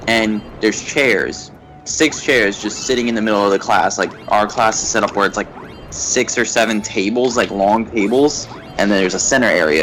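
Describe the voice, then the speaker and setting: A young man on a gaming livestream, telling a rambling, animated story and laughing at it. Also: on the low side, rough recording. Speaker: gaming streamer. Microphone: desk mic at a facecam setup.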